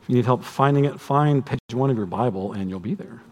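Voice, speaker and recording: A man preaching a sermon to a congregation, conversational and animated, with humorous asides. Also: medium pitch, brisk. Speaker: pastor. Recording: long hall reverb.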